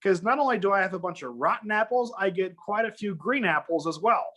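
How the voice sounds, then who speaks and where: A man with a fairly high voice tells a personal story in a relaxed, chatty way. He gets animated and acts out the lines of people in his story, raising his voice for them. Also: brisk. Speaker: guest. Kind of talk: casual storytelling.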